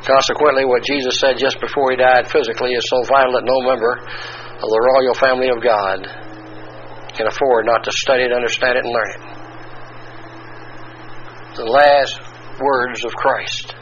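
A man's voice: medium pitch, flat delivery, a bit bright. Man preaching on a dull lo-fi recording. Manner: deliberate, spells out Greek words letter by letter. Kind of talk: expository Bible teaching sermon. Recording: dull lo-fi recording with faint hiss.

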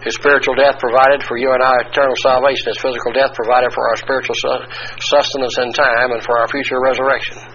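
A male preacher giving an expository Bible teaching sermon, talking deliberately and spelling out Greek words letter by letter. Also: mid-range voice, flat delivery, a bit bright. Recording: dull lo-fi recording with faint hiss.

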